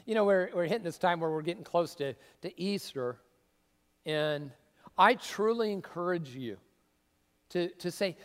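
A man preaching a sermon as a pastor, conversational and emphatic, with sudden bursts of excitement. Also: high-pitched, unhurried. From Seattle area. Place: church sanctuary. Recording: long reverb of a church hall.

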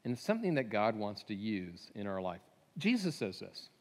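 A man's voice: on the low side, sing-song, normal speed. Chatty man preaching in a reverberant hall. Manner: conversational, chuckling asides and filler-heavy restarts. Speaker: pastor. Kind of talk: sermon.

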